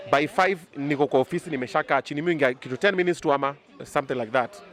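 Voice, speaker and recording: Animated Kenyan man, boastful talk. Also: on the high side. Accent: Kenyan English. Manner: animated, boastful, quick bursts. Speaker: media personality interviewed. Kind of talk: casual interview chat mixing English and Swahili.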